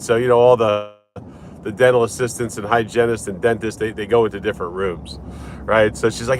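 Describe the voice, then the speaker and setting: A man's voice: on the low side, brisk, a little hiss or hum. A man chatting casually in a morning vlog from his car, rambling through a story with lots of restarts. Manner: chatty, rambling, animated retelling with repeated restarts. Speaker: lawyer. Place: in a car while driving.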